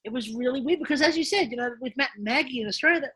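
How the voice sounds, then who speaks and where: A woman co-hosting a casual podcast, recapping a TV episode with animated storytelling. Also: on the high side, very fast, slightly rough. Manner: animated storytelling with mimicked quotes. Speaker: podcast co-host.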